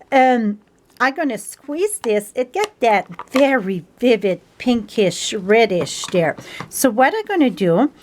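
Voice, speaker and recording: Slow, chatty woman demonstrating a craft. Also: fairly high pitch. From France. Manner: chatty, homespun, non-native grammar with fillers. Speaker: stamping craft instructor. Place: home craft table.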